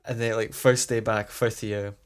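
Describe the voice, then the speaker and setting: A man's voice: fairly low pitch, little pitch movement, moderate pace, clean tone. A young man telling a rambling school story in casual chat, laughing as he goes. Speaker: podcast co-host.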